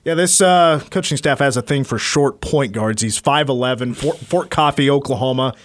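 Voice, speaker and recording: A man's voice: mid-range voice, moderate pace. A male sports radio host giving an emphatic player breakdown with stats. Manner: hyped, emphatic stat-driven player breakdown.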